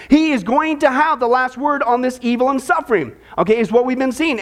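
A man preaching a sermon to his congregation, animated and joking with them. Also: very high-pitched. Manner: animated, jokey, talks to the congregation. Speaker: pastor. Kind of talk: sermon with a told joke.

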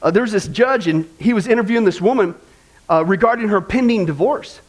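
High-voiced earnest preacher, conversational. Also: male voice, a little fast. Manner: earnest and conversational, addresses the congregation directly with humor. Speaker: pastor. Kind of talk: sermon.

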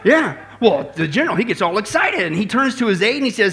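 A man's voice: high-pitched, fast, hardly any pauses. A male pastor preaching a sermon in a church, joking and telling stories as he goes. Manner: joking, lively storytelling preacher.

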